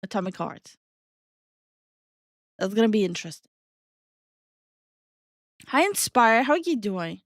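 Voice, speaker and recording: A woman's voice: medium pitch, sing-song, takes it slowly, pauses often, no room sound, clean studio sound. A young woman streaming live, chatting casually with her viewers and reading their messages aloud. She is playful, laughs often and swears offhandedly. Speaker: streamer and VTuber host.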